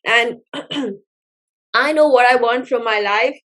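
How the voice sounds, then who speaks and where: A woman's voice: on the high side, slow, a bit bright. A woman hosting an interview, asking reflective questions in an encouraging way. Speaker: interview host. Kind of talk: casual interview chat.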